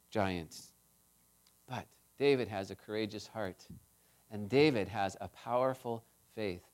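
A man preaching a children's sermon, retelling a story in a chatty, animated way and asking his listeners questions. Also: on the high side, clean tone.

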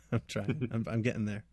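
A man's voice: on the low side, unhurried, darkish tone, no room sound. A man co-hosting a casual film chat, who keeps breaking into laughter mid-sentence. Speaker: podcast co-host. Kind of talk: casual chat about films.

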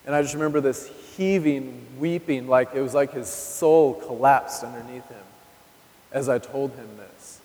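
A male preacher in his 30s delivers a candid personal testimony sermon conversationally, addressing the congregation directly, recorded live in a reverberant church hall. His voice is medium-pitched and darkish, at a normal speed.

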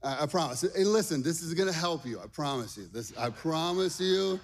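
A middle-aged man pastor preaching a lively sermon to a congregation, energetic and repeating "okay?" and "all right" often. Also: fairly high pitch, fairly quick, a little hiss or hum. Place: church stage before a congregation.

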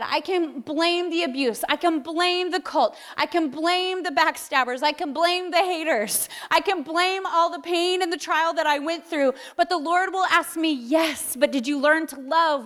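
High-voiced woman preaching in a big hall. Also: a bit bright. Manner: candid, laughing, storytelling with quoted voices. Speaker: speaker. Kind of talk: sermon testimony. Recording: long hall reverb.

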